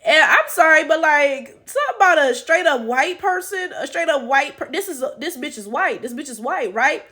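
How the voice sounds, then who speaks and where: A woman's voice: high voice, animated, normal speed, hardly any pauses, pushed and bright. A woman hosting a casual film reaction commentary, joking and rambling with lots of profanity. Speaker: channel host.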